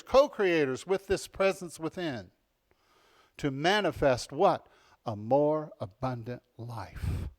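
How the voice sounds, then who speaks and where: A male preacher delivers a sermon at an unhurried, deliberate pace, his voice sitting a little higher than most men's. He moves between hushed, tender stretches and loud, emphatic bursts, often putting questions to the congregation and laughing along with them. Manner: animated, swinging between soft intimate passages and loud emphatic ones. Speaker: pastor.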